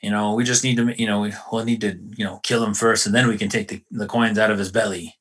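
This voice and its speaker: A man co-hosting a casual podcast, telling a story in animated, slangy chat full of swearing. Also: fairly low pitch, fast, slightly rough. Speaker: podcast co-host.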